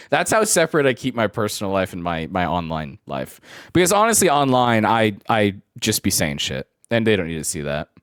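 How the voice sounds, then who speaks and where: Twenties male streamer, laid-back storyteller, expressive and bouncy delivery, dry room. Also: on the low side, moderate pace, no room sound. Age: 20s. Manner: rambling anecdotal storytelling, laughs often. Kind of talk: casual live-stream chat with viewers.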